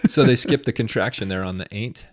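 A man co-hosting a podcast who talks in a measured, deliberately formal and dry way. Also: lowish voice, no echo. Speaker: podcast co-host. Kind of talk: casual chat.

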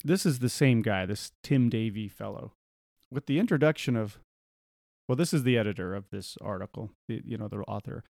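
A man's voice: fairly low pitch, lively intonation, brisk, vocal fry, darkish tone, dry recording, studio quality. A man co-hosting a casual podcast, reading news quotes aloud with sarcastic asides. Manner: reads quotes aloud, sarcastic, laughs often. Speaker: podcast co-host. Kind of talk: casual conversational commentary.

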